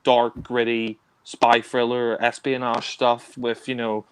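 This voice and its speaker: A man's voice: mid-range voice, completely flat delivery, slow, clean tone, no echo. A man casually reviewing spy films, rambling with many fillers and restarts. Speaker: film reviewer. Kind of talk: casual film discussion.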